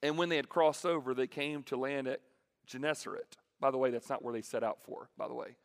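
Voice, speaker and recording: A male preacher giving a sermon to students in a large hall, animated and joking as he acts out the scripture. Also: medium pitch, brisk.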